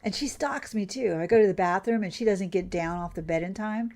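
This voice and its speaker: A woman chats her way through a farming game with casual, exclamatory commentary. Her voice sits at a middle pitch for a woman. She breaks in often with surprised outbursts. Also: darkish tone. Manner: chatty and exclamatory, quick laughs. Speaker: gaming channel host.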